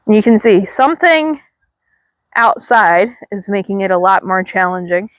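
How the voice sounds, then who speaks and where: A woman dog trainer outdoors calmly explaining leash work, breaking into high, drawn-out praise for the dog. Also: no room sound. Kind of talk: instructional dog training demo.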